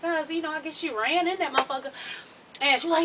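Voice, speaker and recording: A young woman telling a story casually on her vlog, profane and animated, laughing as she goes. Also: sits high, fast, distant mic, slight background noise, rough recording. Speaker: vlogger.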